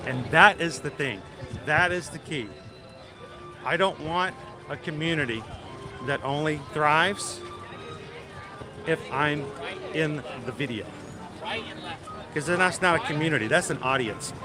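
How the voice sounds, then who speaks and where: A man's voice: fairly high pitch, a little slow, long pauses, over music. A man hosting a casual live stream outdoors at a theme park, chatting in an upbeat way and speaking straight to his viewers in the chat. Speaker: livestream host. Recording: noisy outdoor ambience.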